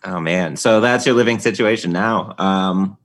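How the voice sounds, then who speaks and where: A man hosting a podcast in relaxed casual chat, asking easygoing questions with hedging fillers. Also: low voice, a little slow. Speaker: podcast host.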